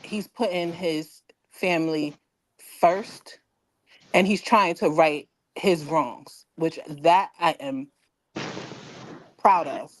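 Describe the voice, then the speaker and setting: A woman calling in to a casual chat, giving thoughtful, measured opinions with fillers. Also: lowish voice, no echo, rough recording.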